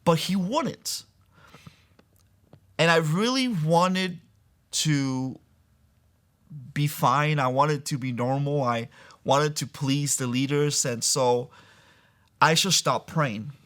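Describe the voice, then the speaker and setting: A man's voice: fairly high pitch, takes it slowly, long pauses, a bit bright. A man telling his personal faith testimony in a sit-down interview in a church, speaking earnestly and often using casual fillers. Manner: earnest storytelling with frequent "like" and "I'm like" fillers. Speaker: guest sharing a faith testimony. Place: church building.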